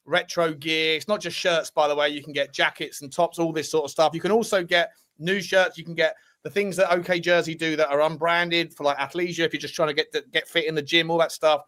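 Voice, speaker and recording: A man's voice: on the high side, a bit bright. A man co-hosting a football podcast, chatting casually and rambling through sponsor plugs. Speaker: podcast co-host.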